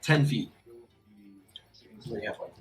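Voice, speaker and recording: A man's voice: measured pace, rough recording. A man running a tabletop game as game master, casual and easygoing, with lots of fillers. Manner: casual, relaxed, says "cool" and "um" a lot.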